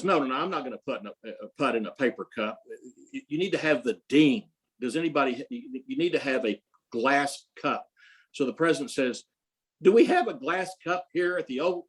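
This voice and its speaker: A man's voice: mid-range voice, husky, low-quality recording. Older man telling a long anecdote. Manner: rambling anecdotes with frequent restarts and quoted dialogue. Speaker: interview guest. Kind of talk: casual storytelling.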